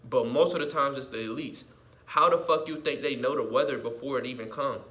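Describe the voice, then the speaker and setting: A man delivering an unscripted, heated, profane monologue rant as a vlogger, repeating himself and swinging between muttering and yelling. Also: medium pitch, brisk.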